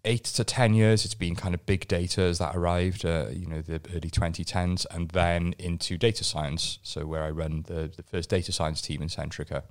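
Deep-voiced man, halting podcast guest. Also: little pitch movement. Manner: halting, repeats words when starting. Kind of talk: casual podcast interview.

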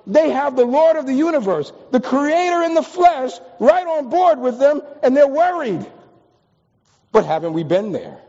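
A pastor from the East Coast preaching a sermon, telling stories with humor and building to emphatic peaks. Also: male voice, high-pitched, mellow. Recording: long reverb, dull lo-fi sound.

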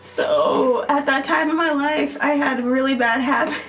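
A woman's voice: high-pitched, fairly even intonation, normal speed, fairly bright tone. A woman co-hosting a podcast, chatting casually and giggling as she talks. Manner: giggly, laughs while talking. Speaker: podcast co-host. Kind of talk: casual chat.

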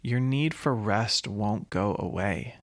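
A man hosting his own podcast, talking slowly and earnestly in a reflective solo monologue with long pauses. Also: fairly low pitch, no echo, clean studio sound. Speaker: podcast host.

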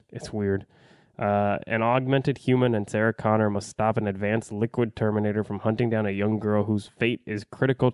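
A man's voice: lowish voice, a little mellow, smooth, no room sound, clean studio sound. A man giving a casual, rambling movie review, blunt and profane, full of fillers and restarts.

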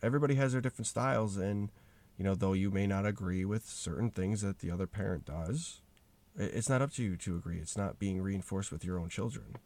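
A man appearing as a guest on a podcast, talking casually with halting, stammering restarts. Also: deep voice, darkish tone. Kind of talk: casual chat. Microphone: remote recording platform.

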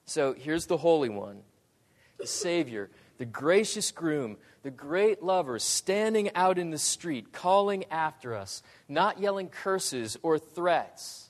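A man preaching a sermon, dramatic in delivery, dropping to a hush and rising to loud pleas. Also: on the high side, lively intonation, slow, big-room sound. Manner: dramatic, swings from hushed to loud.

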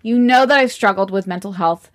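A woman's voice: mid-range voice, fairly quick. A woman in her thirties co-hosting a casual podcast chat over cocktails, candid and laughing, swearing freely. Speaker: podcast co-host.

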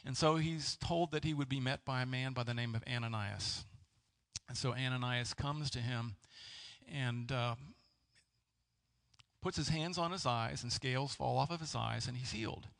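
A man preaching a sermon as a pastor, halting and searching for words with many fillers and restarts. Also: mid-range voice, creaky, fairly bright tone. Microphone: presenting with slides.

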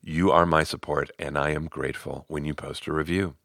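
A middle-aged man hosting his own podcast and telling a story as a speaking coach. He is expressive, climbing high when excited and sinking to near-whispers. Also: a little fast, vocal fry, dry recording, studio quality. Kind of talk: solo podcast storytelling and advice.

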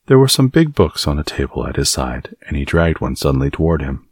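Very deep, husky male narrator. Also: very animated, darkish tone, no echo, studio quality. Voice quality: measured, storytelling. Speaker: audiobook narrator. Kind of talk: scripted narration.

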